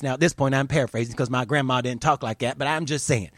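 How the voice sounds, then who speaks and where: A man's voice: medium pitch, fast, hardly any pauses, no echo, studio quality. A man hosting a show, ranting in a heated, profane, exasperated way. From United States. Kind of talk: angry opinion rant.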